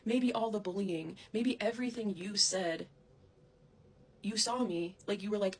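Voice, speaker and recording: A woman's voice: medium pitch, normal speed, a little hiss or hum. A woman delivering a heated, profane, accusatory vlog rant, speaking straight at the person she blames. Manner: heated, profane, accusatory, addresses someone directly. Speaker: vlogger. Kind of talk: angry direct-to-camera rant.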